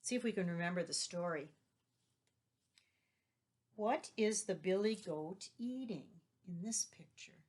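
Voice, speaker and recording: A woman's voice: on the low side, animated, measured pace, pauses often, a little mellow. A woman teacher reading a children's story aloud and patiently explaining vocabulary and asking questions. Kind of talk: read-aloud vocabulary lesson.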